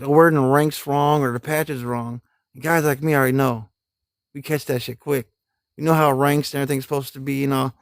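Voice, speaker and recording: A man's voice: medium pitch, vocal fry, dry recording, clean studio sound. A middle-aged man and army veteran telling rambling, profane stories on a live stream, laughing often, with folksy grammar. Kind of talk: casual storytelling on a live stream.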